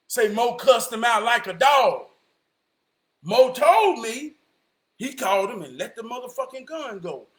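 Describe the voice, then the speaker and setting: A man with a drawl spins a rambling tale in a very high voice, often raising it to a shout and acting out each friend. The sound bounces around an echoey room. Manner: animated, often shouting, slips into quoted voices. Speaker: storyteller. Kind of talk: casual storytelling.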